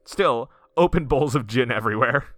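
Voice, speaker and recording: A man co-hosting a podcast, chatting casually about an old film and retelling its plot with quick joking asides. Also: medium pitch, expressive, a bit bright, dry recording, studio quality. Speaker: podcast co-host.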